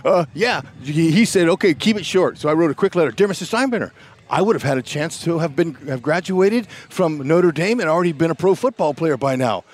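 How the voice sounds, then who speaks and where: Excitable folksy man in his sixties. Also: on the high side, fairly quick. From California. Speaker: guest broadcaster, former ballplayer. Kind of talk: animated storytelling in a sports talk interview.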